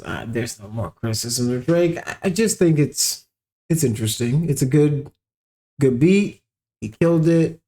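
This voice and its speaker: Man, casual reaction host, rambling and filler-heavy, mid-pitched voice. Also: darkish tone. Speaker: commentary show host.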